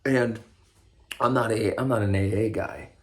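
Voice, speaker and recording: A young man with a low voice talks straight to the camera in an unscripted monologue. He rambles and swears freely, breaking off and restarting his sentences. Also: fairly even intonation, unhurried. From Nebraska. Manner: rambling, profane, stop-start with many restarts. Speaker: vlogger sharing recovery story.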